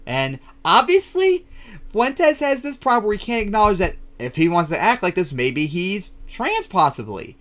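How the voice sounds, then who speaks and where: A man's voice: high-pitched, sing-song, normal speed, fairly bright tone. A man hosting a casual reaction podcast, blunt and mocking, with many fillers. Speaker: podcast host.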